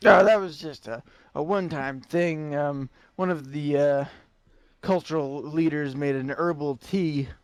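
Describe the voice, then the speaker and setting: A man's voice: fairly high pitch, a little slow, dry recording. Hesitant male player, dry sound. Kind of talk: in-character tabletop play.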